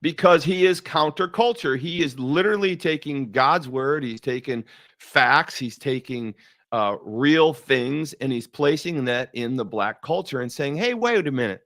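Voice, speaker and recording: Gravelly, animated man hosting a talk show. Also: mid-range voice, measured pace, no echo, clean studio sound. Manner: animated storyteller, repeats words, laughs often. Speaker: show host. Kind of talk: casual faith talk show monologue.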